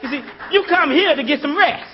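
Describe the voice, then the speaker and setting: Preacher guy, real high voice, dull lo-fi church tape. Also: brisk, some chatter behind. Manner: calls on the congregation, chuckling, conversational preaching. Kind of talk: sermon.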